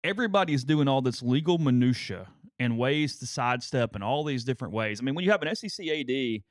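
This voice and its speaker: Animated male sports podcast co-host. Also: medium pitch, fast, no echo, clean studio sound. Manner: animated, mocking impressions in quotes. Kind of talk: casual sports talk.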